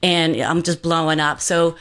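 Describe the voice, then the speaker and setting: A woman's voice: deep voice, steady tone, measured pace, a bit bright, clean tone. A woman guest telling a personal story in an earnest, meandering way, full of fillers and restarts.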